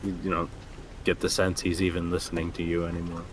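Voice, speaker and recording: A man's voice: low-pitched, monotone, fast talker, noisy background. A man narrating as game master, with a loose, hesitant delivery full of restarts.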